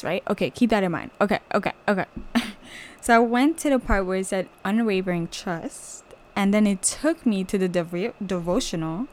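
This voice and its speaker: Young woman, french is her first language, chatty faith podcast story, lots of "like", voice jumps way up when she gets excited. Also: medium pitch. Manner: animated storytelling, many "like" fillers, voice jumping up when excited. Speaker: podcast host. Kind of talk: personal testimony podcast.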